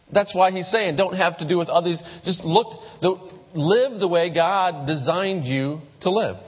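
A man's voice: sits high, breathy edge. A male pastor preaching a sermon in a casual, conversational way, often repeating and correcting his words. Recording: lo-fi church recording with long reverb.

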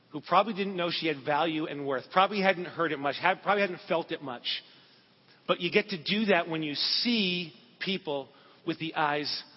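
A man's voice: a little high, slightly rough. A man preaching a sermon, telling a personal story in an earnest, conversational way with asides to the congregation. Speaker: pastor. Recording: dull recording in a large reverberant hall.

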